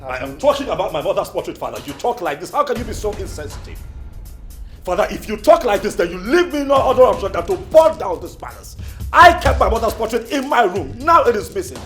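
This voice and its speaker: A man acting as an indignant young prince whose voice rises and falls with heated emotion. He presses his father hard and grows louder in anger, with faint music behind him. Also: a little high, sing-song, very fast. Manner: indignant, pleading then shouting. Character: angry young male prince demanding answers. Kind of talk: period drama acting.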